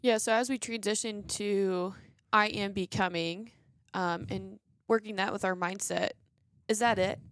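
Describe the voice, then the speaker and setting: A woman's voice: mid-range voice, steady tone, a little slow, fairly bright tone, dry recording, clean studio sound. A woman co-hosting a coaching podcast, chatting casually and adding tips for listeners at home. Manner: friendly, adds tips for listeners, mother of young kids. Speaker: podcast co-host.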